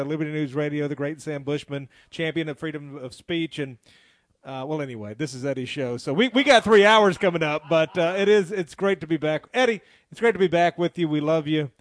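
High-voiced man, jokey radio co-host. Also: a little fast. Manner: jokey, enthusiastic. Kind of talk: casual radio chat. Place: radio studio.

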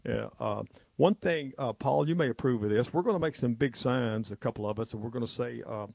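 A man's voice: mid-range voice, fairly quick, gravelly, darkish tone, dry recording. A man hosting a talk show, ranting in an agitated, rambling way and repeating himself. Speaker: radio talk show host.

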